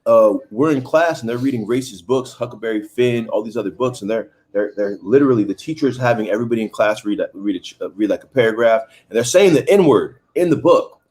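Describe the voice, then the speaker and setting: Man, 30s, from Haiti, livestream host, casual and talkative, mid pitch. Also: expressive, quick pace, few pauses, darkish tone. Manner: chatty, reads viewer comments aloud.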